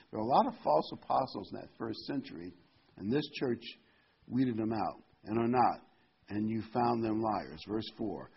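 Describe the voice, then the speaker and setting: Husky low-voiced guy preaching, loud then quiet, reads scripture, muffled lo-fi sound. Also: sing-song. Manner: unhurried preaching with swings between loud emphasis and quiet asides; reads scripture aloud with emphasis. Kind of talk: sermon. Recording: dull lo-fi recording.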